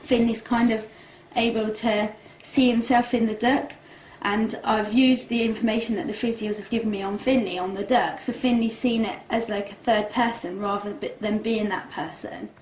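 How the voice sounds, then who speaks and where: A woman, a mother, talking haltingly in a casual interview. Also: a little high, fairly even intonation, darkish tone. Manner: halting, with fillers. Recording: echoey room with faint noise.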